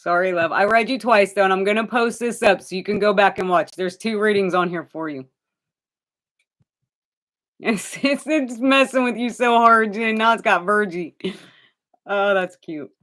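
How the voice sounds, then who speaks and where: A woman's voice: medium pitch, moderate pace, a bit bright. A woman giving live tarot readings to viewers, chatty and direct, addressing them by name and calling them honey. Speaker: tarot reader.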